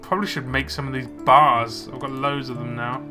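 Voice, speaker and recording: A man's voice: mid-range voice, little pitch movement, moderate pace, music in the background. A young man casually commenting on his gameplay, muttering to himself as he plays. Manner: chatty, muttering to himself while playing. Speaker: let's play gamer.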